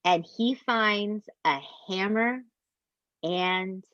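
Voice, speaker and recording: A woman of medium pitch draws out her words as she hosts a podcast, telling a true-crime story in casual, emphatic conversation with co-hosts. She's animated and profane, with emphatic asides, and the dull, dry podcast mic carries no echo.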